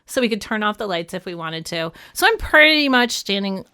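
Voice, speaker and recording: A woman's voice: medium pitch, sing-song, brisk, sharp tone, clean tone, dry recording, clean studio sound. A woman guest on a podcast, talking casually and wryly, with lots of fillers. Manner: chatty, many "like" fillers, wry. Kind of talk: casual conversation.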